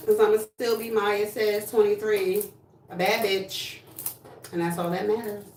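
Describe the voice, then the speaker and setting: A woman's voice: mid-range voice, flat delivery, measured pace, a little mellow, far from the mic, a little hiss or hum. A woman from New Jersey chatting casually on a livestream, sassy and blunt with plenty of swearing. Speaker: livestream host. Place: home room, indoors. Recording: echoey room, voice from off-mic.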